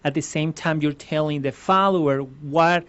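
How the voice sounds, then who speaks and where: Pitched somewhat high and a bit bright, this man talks at a normal speed. He's a ballroom dance instructor from Venezuela giving earnest interview answers, breaking things down step by step with many restarts, all captured in slightly muffled lo-fi sound.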